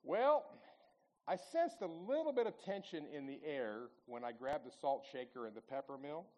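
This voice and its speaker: A man's voice: a little high, animated, normal speed, darkish tone, lo-fi sound. A man in his sixties giving a folksy storytelling talk at church, chatting with the audience and asking them questions. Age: 60s.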